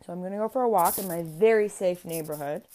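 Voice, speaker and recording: A woman's voice: lowish voice, fast talker, a little mellow. A young woman talking into a mic at home in a casual, earnest, rambling monologue about her faith, with many restarts and fillers. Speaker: faith vlogger. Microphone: speaking into a mic.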